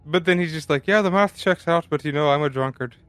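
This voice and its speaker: A man's voice: on the high side, fast talker, fairly bright tone, dry recording, soft background music. A man co-hosting a casual beer-and-movie podcast, laid-back and making joking asides. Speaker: podcast co-host.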